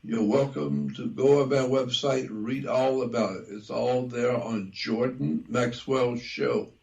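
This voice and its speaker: A man speaking as an interview guest, talking deliberately and repeating key details for emphasis. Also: medium pitch, fairly even intonation, creaky, a little mellow, lo-fi sound. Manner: spells out words letter by letter. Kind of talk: conversational interview.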